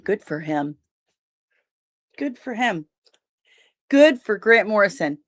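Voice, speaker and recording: A woman's voice: medium pitch, big pitch swings, slow. A young woman hosting a casual livestream, chatting and greeting viewers by name, with easy laughs. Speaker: livestream host.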